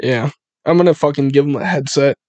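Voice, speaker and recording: A young man hosting a podcast, telling animated stories in casual chat, swearing often and acting out other people's voices. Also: a little fast, no room sound. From Buffalo area, US. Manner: animated storyteller, swears often, acts out quoted voices in a high pitch. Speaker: podcast host.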